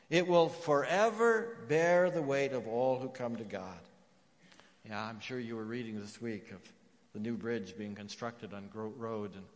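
Pastor preaching in a reverberant hall. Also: male voice, medium pitch. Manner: emphatic, with hushed repeated phrases. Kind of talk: sermon. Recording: long reverb of a church hall.

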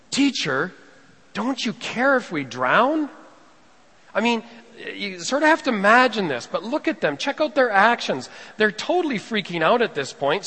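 A male pastor preaching a sermon, swinging between hushed lines and raised emphatic ones as he acts out scripture. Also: high voice. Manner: rising and falling preaching delivery, quotes scripture dramatically. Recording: long reverb of a large hall.

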